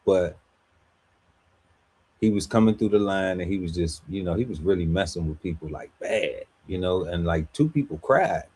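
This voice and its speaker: A man's voice: low voice, moderate pace, a little mellow, breathy edge. A man on a podcast panel telling a story in casual, slangy chat, laughing often and acting out quotes.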